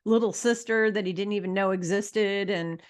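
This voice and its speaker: A middle-aged woman with an average-pitched voice hosts an interview in a loose, conversational way. She talks emphatically and bluntly to her listeners, lecturing them and dropping swear words along the way. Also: fairly even intonation, normal speed. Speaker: podcast host.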